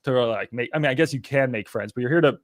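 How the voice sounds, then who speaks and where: A man's voice: mid-range voice, quick pace, dry recording, studio quality. A man hosting a casual chat, talking loosely to his listeners and swearing now and then. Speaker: podcast host.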